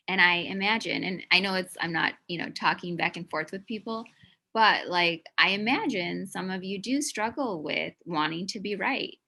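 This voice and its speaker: A woman presents an educational talk in a bright, clear voice, speaking earnestly and pressing her points. She keeps it conversational, leaning on easy fillers as she addresses listeners she can't see. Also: fairly low pitch. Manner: earnest and emphatic, with frequent "you know" and "like". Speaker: presenter of a mental health talk.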